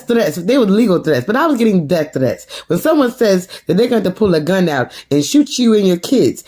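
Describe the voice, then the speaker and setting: A young adult woman recapping a reality TV reunion in a casual, blunt and profane way, telling the story with animated energy. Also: mid-range voice.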